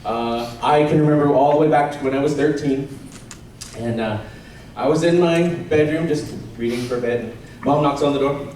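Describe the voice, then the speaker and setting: Lively man doing stand-up in an echoey hall. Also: on the high side, a little slow. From Canada. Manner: animated and self-deprecating, often laughing. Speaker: stand-up comedian. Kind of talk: stand-up comedy set. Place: large convention hall. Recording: echoey convention hall from far off, crowd noise.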